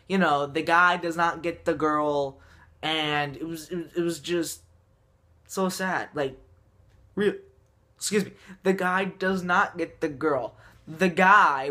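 A man's voice: fairly high pitch, pushed and bright. A young man talking casually to camera in a vlog, rambling with restarts and fillers as he reviews anime. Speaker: anime vlogger.

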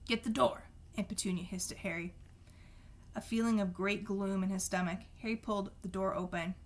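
A woman's voice: medium pitch, fairly even intonation, a little fast, a little mellow. Woman reading a novel aloud. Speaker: reader.

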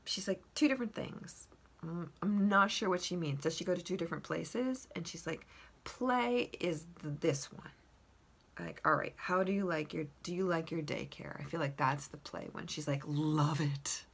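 A woman with a low, gravelly, breathy voice that still has a bright edge tells the story of an animal reading in a relaxed way. She slips into a perky voice for the dog's answers and laughs between lines. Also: moderate pace. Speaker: animal communicator.

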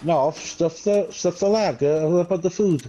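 Welsh man on a headset in party chat, mellow tone, sweary teasing banter, some game noise underneath. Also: on the high side, normal speed, highs cut off. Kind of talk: casual chat while gaming.

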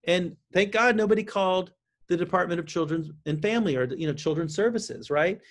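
A man speaking as a counselor guest in an interview, explaining parenting advice with lively delivery and frequent restarts. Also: sits high, fairly quick. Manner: animated, acts out parent and child lines, frequent restarts. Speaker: counselor and author.

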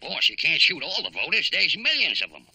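A dim cartoon henchman, high and sharp, pitch jumping all over. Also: wildly swooping pitch, a little fast, breathy edge, no echo, exaggerated voice, rough recording. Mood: doubtful.

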